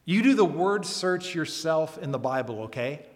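In a reverberant hall during a church service, a man delivers an earnest, emphatic sermon as pastor, posing rhetorical questions. He speaks at a moderate pace in a fairly high, expressive voice.

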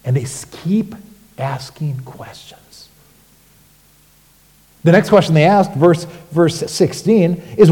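A man preaching a sermon as pastor, animated and rhetorical, with sudden emphatic rises. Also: sits high, a little slow, in a large hall.

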